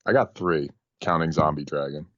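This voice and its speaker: A man's voice: extremely low pitch, moderate pace, fairly bright tone, no room sound. A man co-hosting a casual podcast chat, laid-back and quizzing the others. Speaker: podcast co-host. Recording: dull lo-fi recording.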